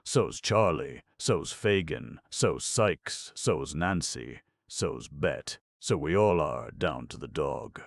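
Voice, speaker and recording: A man's voice: extremely low pitch, animated, slow, creaky, few pauses, no room sound, studio quality, full character voice. A man voicing a cocky young boy pickpocket who boasts in street slang. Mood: swaggering.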